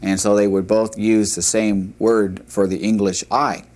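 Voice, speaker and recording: Slow, low-voiced man teaching a language. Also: flat delivery, a little mellow. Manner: deliberate, repeats and models pronunciation. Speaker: Hebrew teacher. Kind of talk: slow classroom lecture.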